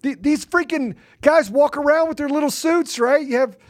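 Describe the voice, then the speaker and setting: An agitated man, a guest on a talk show, ranting angrily and forcefully, often repeating himself. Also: very high-pitched, normal speed. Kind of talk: heated political rant.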